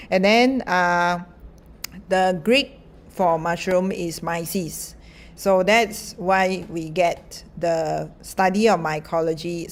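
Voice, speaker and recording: A middle-aged woman lecturer, explaining in a chatty, informal way with many fillers and small laughs. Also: on the low side.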